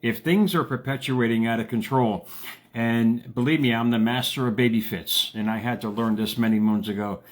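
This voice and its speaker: A man hosting a motivational live stream, telling a story in a casual, jokey way with big jumps in his voice. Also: moderate pace. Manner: animated, jokey, acts out quotes with big pitch jumps. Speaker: motivational radio host.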